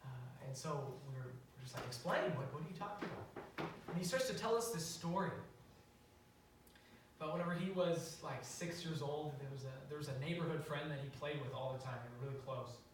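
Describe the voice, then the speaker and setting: A man's voice: on the high side, moderate pace, a little hiss or hum. A young man preaching a sermon in a church, telling a story in a casual way with fillers and restarts. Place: church sanctuary. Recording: very echoey hall, mic far off.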